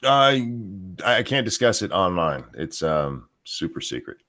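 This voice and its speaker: A man's voice: deep voice, sing-song, measured pace, sharp tone. A man co-hosting a casual livestream, answering questions with dry, joking one-liners. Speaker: co-host.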